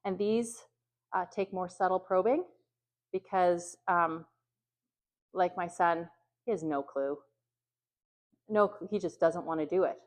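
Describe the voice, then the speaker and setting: A woman's voice: fairly low pitch, slow pace, pauses often. A woman leading a training session for youth workers, talking conversationally with many ums and acting out example phrases. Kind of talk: training talk.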